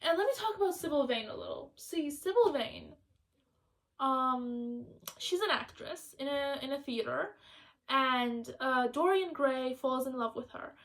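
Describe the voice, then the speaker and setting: A young woman talking casually and excitedly in a rambling book vlog, chatty and quick. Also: sits high. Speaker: student book vlogger.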